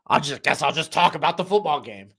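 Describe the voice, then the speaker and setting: A fairly high-pitched, slightly rough male voice with a sharp tone, lively intonation, and brisk pace. The young man hosts a football watch-along stream, joking and rambling casually as he reacts to plays and talks to chat and his dog.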